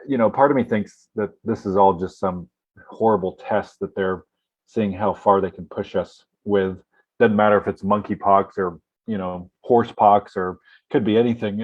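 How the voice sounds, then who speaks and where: Man, low voice, hesitant political chat, muffled dry recording. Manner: hesitant, many fillers and restarts. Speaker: political talk show co-host.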